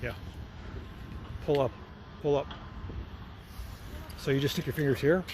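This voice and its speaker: Slightly high and a touch mellow, this middle-aged man's voice moves at a measured pace over faint background noise. He's an American mechanic and channel host, working in his repair shop and walking viewers through every step in a relaxed, friendly vlog.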